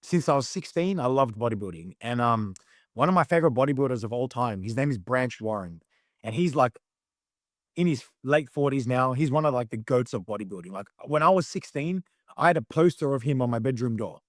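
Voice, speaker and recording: A young man with an Australian accent chats as a podcast guest, talking with loose enthusiasm and plenty of filler words. His voice sits in a middle pitch, and the recording is dry and close with no room sound. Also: expressive, brisk, no room sound. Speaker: guest, competitive eater. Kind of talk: casual interview chat.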